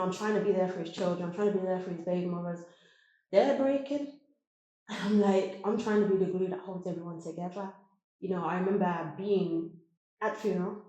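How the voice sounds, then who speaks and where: A woman shares a personal story on a podcast. She is animated and laughs often as she talks. Her voice is mellow and dark, and it rings in a very echoey room. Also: mid-range voice. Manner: animated, laughing while telling stories. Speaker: podcast guest.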